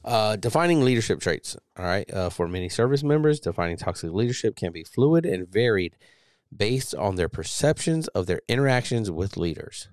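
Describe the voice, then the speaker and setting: A man's voice: on the low side, lively intonation, normal speed, a little mellow, no echo, studio quality. A man hosting a podcast who reads an article aloud and rambles through casual, profane commentary with many restarts. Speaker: podcast host.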